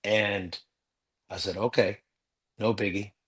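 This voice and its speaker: A man's voice: fairly low pitch, little pitch movement, slow, fairly bright tone, husky. A man telling a personal story earnestly as a guest in a live interview.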